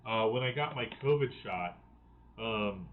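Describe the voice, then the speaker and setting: A man's voice: fairly low pitch, expressive, a little slow, phone-quality sound, slight background noise. A man from the United States hosting a casual live-stream chat, rambling and restarting his sentences often. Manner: rambling, full of restarts and fillers. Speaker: channel host.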